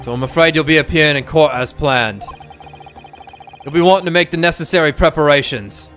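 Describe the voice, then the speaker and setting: A man voicing a brisk, officious British police inspector while reading game dialogue aloud on a stream. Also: a little high, a bit bright, faint music behind, natural voice.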